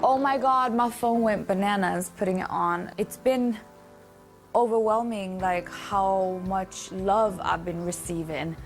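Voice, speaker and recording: A woman's voice: mid-range voice, measured pace, faint music behind. A woman talking casually as an evicted contestant, earnest and rambling. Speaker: evicted reality show contestant. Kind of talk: casual interview talk.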